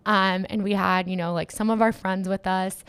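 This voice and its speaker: A woman's voice: medium pitch, moderate pace, smooth, dry recording. A young woman who organizes events and manages DJs, chatting in an interview and peppering her talk with "like.". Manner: chatty, lots of "like" fillers, excitable. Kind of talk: casual interview chat. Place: Miami.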